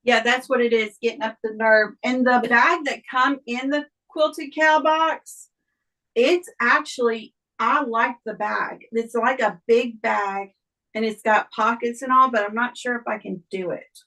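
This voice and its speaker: A woman's voice: fairly high pitch, pushed and bright, poor audio. A woman chatting as a guest on a sewing livestream, hesitant and full of ums. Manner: slow, hesitant, with many ums. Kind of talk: casual chat.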